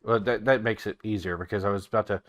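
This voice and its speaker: A man's voice: lowish voice, steady tone, quick pace, fairly bright tone, close to an everyday voice. A man voicing a friendly, easygoing adult male townsman who is chatty and grateful.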